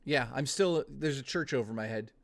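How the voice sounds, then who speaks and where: A young adult man chatting casually on a live stream, ranting with lots of swearing and quick laughs. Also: medium pitch, vocal fry. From Canada.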